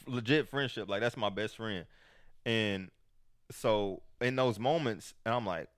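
A man's voice: fairly low pitch, unhurried, clear, resonant tone. A man in casual chat, speaking candidly and with profanity.

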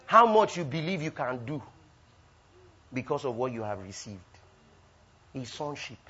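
A man preaching a sermon with call-and-response, swinging between loud bursts and soft asides. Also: mid-range voice, big pitch swings, measured pace, husky. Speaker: pastor. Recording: dull lo-fi recording.

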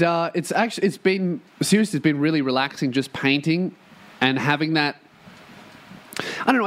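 A man's voice: a little high, a bit bright. Profane rambling male podcast host. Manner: profane, self-mocking, rambling. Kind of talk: rambling casual monologue. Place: room in a shared workplace.

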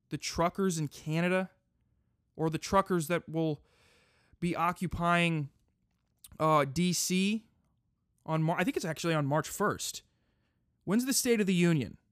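High-voiced man in a crude comic rant. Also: no echo, clean studio sound. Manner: crude, profane, mock-pompous ranting. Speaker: podcast host. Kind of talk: comedic monologue.

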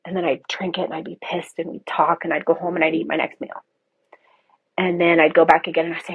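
A woman's voice: lowish voice, flat delivery, quick pace, slightly rough. A woman guest candidly telling her recovery story in a blunt, casual way, swearing freely. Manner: blunt, swears casually, reenacts own past words. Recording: tinny phone-like call line.

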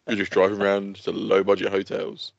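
A man's voice: deep voice, completely flat delivery, a little fast, gravelly, dull audio. A man co-hosting a podcast in casual chat, teasing his friend and laughing often. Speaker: podcast co-host.

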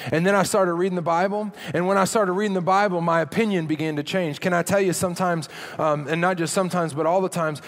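A man preaching a sermon as a pastor, animated, dropping low and quiet for emphasis. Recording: long hall reverb.

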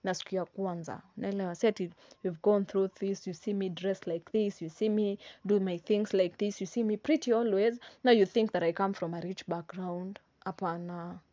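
A woman's voice: medium pitch, steady tone, normal speed, mellow, no room sound. A young Kenyan woman talks straight to her audience in a casual motivational vlog, pressing her points by repeating them and tossing in tag questions. Her voice sits in a middle register. The recording is dry and a little dull. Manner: emphatic, repeats phrases, mixes slang and tag questions. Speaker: vlogger. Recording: dry, slightly dull sound.

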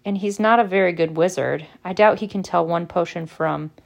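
A woman reading aloud and voicing a clever teenage schoolgirl witch who explains things briskly and scornfully. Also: fairly low pitch, vocal fry, dull audio.

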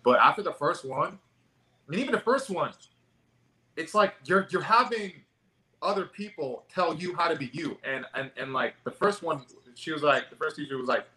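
A high-energy stand-up comedian chatting casually, animated and quick to swear. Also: male voice, poor audio. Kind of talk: casual chat.

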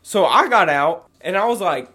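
A young man, co-host of a podcast, telling stories in an animated, profane, slang-heavy casual chat. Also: high voice, moderate pace, breathy edge.

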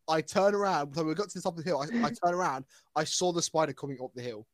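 A man co-hosting a podcast, telling an anecdote in an excitable way and swearing often. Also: on the high side, fast, hardly any pauses, no room sound. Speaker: podcast co-host. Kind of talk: casual chat, storytelling.

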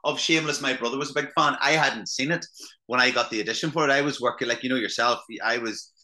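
An Irish actor chatting as a podcast guest, telling anecdotes in a loose, swearing conversational way. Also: male voice, mid-range voice, fast, bright, forceful tone. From Ireland. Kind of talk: casual podcast chat.

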